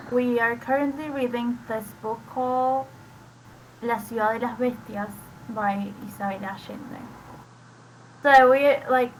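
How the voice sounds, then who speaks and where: A woman with a Spanish accent and a somewhat high voice talks through her reading sessions in a loose, rambling way, leaning on "like" and restarting sentences. Her first language is Spanish, and she comes through a computer mic on a voice chat with a faint hiss behind her. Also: rough recording. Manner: rambling, with many "like" fillers and restarts. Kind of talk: casual screen-share explanation.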